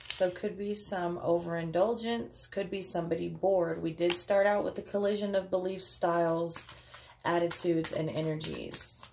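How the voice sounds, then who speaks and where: A woman's voice: lowish voice, normal speed, creaky, a little mellow, slight background noise. A woman giving a casual daily tarot reading, chatty and offhand, with frequent fillers. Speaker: tarot card reader.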